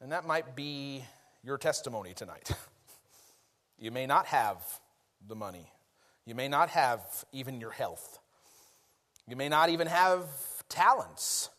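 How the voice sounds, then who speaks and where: A man preaching a conversational, folksy sermon, self-deprecating and quick to laugh. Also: medium pitch, expressive, bright, forceful tone.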